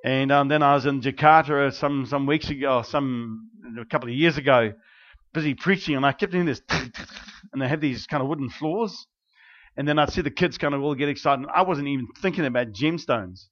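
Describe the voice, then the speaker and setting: A man's voice: mid-range voice, brisk. Preacher man, dull lo-fi sound. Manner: animated storytelling with many restarts and fillers. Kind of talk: prayer and sermon storytelling. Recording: dull lo-fi recording.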